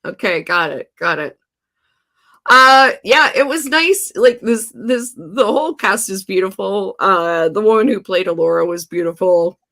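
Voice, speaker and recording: A woman co-hosting a casual chat show, animated and laughing often as she acts out quotes. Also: mid-range voice, measured pace. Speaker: podcast co-host.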